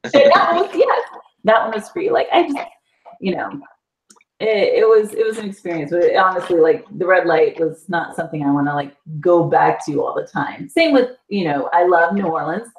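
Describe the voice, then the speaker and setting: A woman from the South, a guest telling an animated story in a casual chat and laughing often. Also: lowish voice, moderate pace. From US South, Panhandle area. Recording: echoey room.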